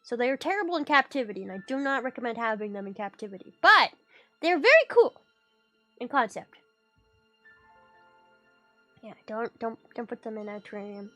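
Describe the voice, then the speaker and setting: A woman streamer in casual livestream chat, excitable and playful, rambling and swearing casually, her voice leaping up and down in pitch and loudness. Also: fairly quick, long pauses, soft background music.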